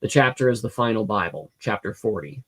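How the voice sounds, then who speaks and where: A man's voice: lowish voice, expressive, a little fast, slightly rough. Rambling man hosting a live Q&A. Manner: rambling, hesitant, many fillers and restarts. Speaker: livestream host answering chat questions. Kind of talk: casual live Q&A, reading comments aloud. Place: home room with a cat.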